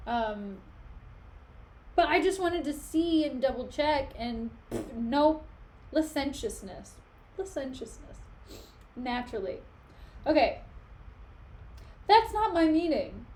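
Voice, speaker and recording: A woman streamer reads a play aloud and chats in between, giggly and self-mocking. Her voice is fairly high and bright. She talks loosely, with fillers and asides. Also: lively intonation, takes it slowly, pauses often, low-quality recording. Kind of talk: casual reading stream with commentary.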